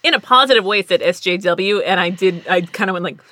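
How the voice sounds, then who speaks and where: A young adult woman, a guest in a casual chat, telling animated stories and laughing often. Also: lowish voice, unhurried, no echo.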